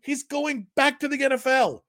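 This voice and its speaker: A man's voice: very high-pitched, normal speed, a bit bright, no echo, clean studio sound. A man co-hosting a casual sports podcast, telling rambling, self-mocking stories and breaking into giggles. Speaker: podcast co-host.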